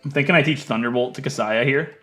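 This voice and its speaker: A man giving casual gameplay commentary, chatty and thinking aloud, swinging from low muttering to loud mock outrage. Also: fast, faint music behind. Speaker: let's play gaming creator.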